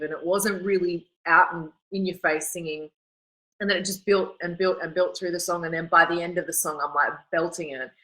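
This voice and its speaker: Bright-voiced woman, gushing. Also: on the low side, poor audio. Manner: gushing, rambling with many restarts. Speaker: singer being interviewed. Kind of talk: casual interview chat.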